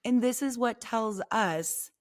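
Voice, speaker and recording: A middle-aged woman co-hosting a casual faith podcast, animated, laughing often and acting out quoted voices. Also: fairly high pitch, slow pace. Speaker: podcast co-host.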